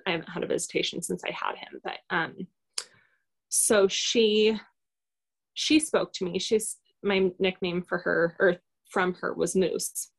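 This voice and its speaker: A woman's voice: fairly low pitch, fairly even intonation, measured pace, vocal fry, breathy edge. A woman guest telling a personal story in a casual, rambling, hesitant way, full of fillers.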